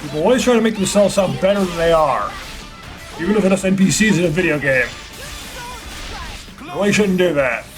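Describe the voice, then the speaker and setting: A man's voice: high voice, expressive, fairly quick, long pauses. A man doing gameplay commentary, ranting and sarcastic, poking fun at himself and others. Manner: ranting, self-deprecating, sarcastic asides. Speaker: let's play host. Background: game music.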